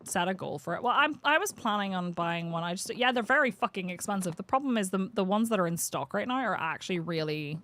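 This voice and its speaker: A young woman streaming a video game live, chatting and swearing with excitable, laughing reactions. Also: medium pitch, quick pace, hardly any pauses, a little hiss or hum. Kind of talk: live gameplay commentary.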